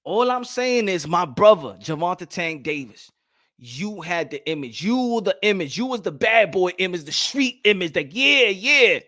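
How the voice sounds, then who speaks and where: A young man hosting a boxing talk show and ranting loudly, repeating himself, with sudden swings from shouting to low muttering. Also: sing-song, normal speed. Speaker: boxing commentary host. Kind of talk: animated opinion rant.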